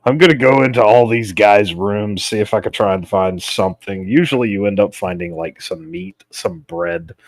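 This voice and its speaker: A low, gravelly man talking in a loose, laid-back way as a co-host. He tells stories from experience in a relaxed chat. The sound is close and dry with no room around it. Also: moderate pace, few pauses, dry recording. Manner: laid-back storytelling, swears casually. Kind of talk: casual chat.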